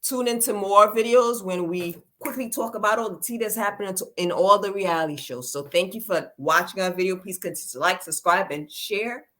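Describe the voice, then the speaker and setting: A woman's voice: medium pitch, brisk, hardly any pauses, a bit bright. A woman co-hosting a casual gossip chat, blunt and scoffing in her takes. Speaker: co-host.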